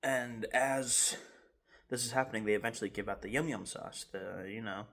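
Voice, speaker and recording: Low-voiced man telling a rambling story. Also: moderate pace, gravelly. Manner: rambling, animated retelling with laughs and restarts. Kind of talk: casual story time. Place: home garage.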